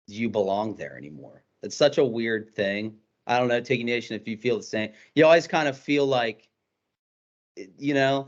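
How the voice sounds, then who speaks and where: A man's voice: lowish voice, dull audio. A young man co-hosting a podcast, chatting in a reflective, easygoing way. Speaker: podcast co-host. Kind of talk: casual chat.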